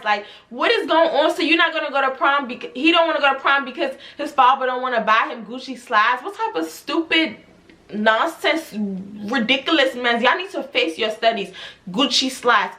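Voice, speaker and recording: A young woman in her twenties, a hairstylist, telling an animated storytime vlog and talking straight to her viewers. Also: sits high. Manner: animated, addresses viewers as y'all, acts out quotes. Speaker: hairstylist vlogger.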